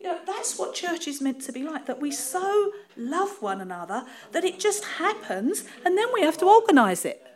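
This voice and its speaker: Lively Cockney woman preaching. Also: extremely high pitch, normal speed, hardly any pauses. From East End of London. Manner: lively, laughing, self-deprecating storytelling. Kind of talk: informal sermon.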